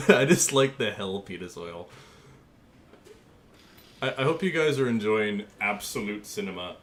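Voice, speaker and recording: A young man streaming a game designs a paint scheme while goofily chatting with viewers, easily amused and joking. His lowish voice is animated but a little slow, with frequent pauses.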